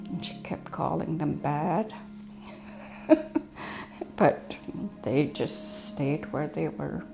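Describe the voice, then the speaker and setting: A middle-aged woman telling family stories in a documentary interview, reflective and soft-spoken with whispery asides. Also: low-pitched, very slow, gravelly, music in the background. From First Nations community in Canada.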